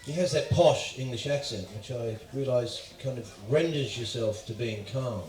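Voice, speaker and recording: Aussie bloke doing stand-up, sweary ranty storytelling, mic a bit far off, echoey room. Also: male voice, mid-range voice, moderate pace, a little mellow. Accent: Australian. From Australia. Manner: profane, ranting storytelling with mimicked voices. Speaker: stand-up comedian. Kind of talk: stand-up routine. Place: live comedy venue.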